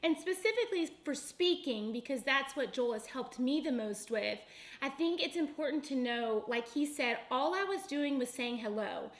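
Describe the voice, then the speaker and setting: A woman's voice: high voice, lively intonation, moderate pace. A young woman co-hosting a ministry video with her husband, chatting casually to camera and laughing often. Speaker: ministry vlogger, co-host with husband.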